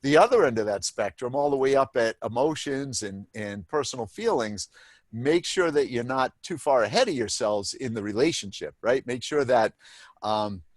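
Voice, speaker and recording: A man co-presenting a webinar workshop, explaining things in a measured way with small restarts. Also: medium pitch, lively intonation, dry recording.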